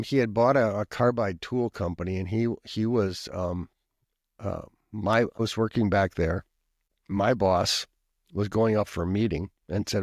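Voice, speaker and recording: A man's voice: lowish voice, dry recording, clean studio sound. A man from Minnesota, a pastor and professor, telling a long personal story in a rambling, conversational way with asides and frequent coughs. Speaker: pastor and professor, podcast guest.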